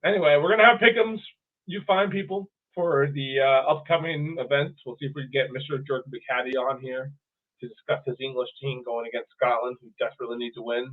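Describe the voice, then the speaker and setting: A man co-hosting a podcast, chatting casually and profanely about sports in an animated way. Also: medium pitch, a little fast. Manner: animated, profane, mimics players in funny voices. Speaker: podcast co-host. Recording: tinny phone-like audio.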